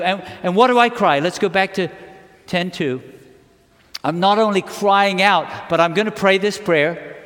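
A man's voice: high voice, a little slow, fairly bright tone. A man preaching a sermon to his church congregation, impassioned and emphatic, often putting questions to his listeners. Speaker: pastor. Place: church sanctuary. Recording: reverberant hall.

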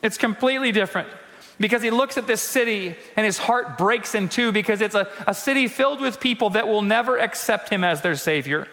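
High, bright-voiced male pastor in hall. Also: animated. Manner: conversational, acts out quotes, slows down for emphasis. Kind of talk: sermon. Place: church sanctuary.

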